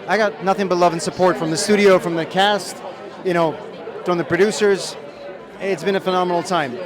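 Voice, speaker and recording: A film director chatting in a press interview outdoors at a premiere, telling self-deprecating stories from the set. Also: male voice, sits high, steady tone, fairly quick. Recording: crowd noise behind. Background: crowd chatter.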